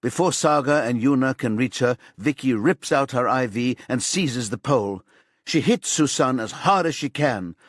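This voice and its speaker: A man narrating a crime thriller audiobook in a lively, tense manner. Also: medium pitch, moderate pace, no room sound, studio quality. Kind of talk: scripted narration.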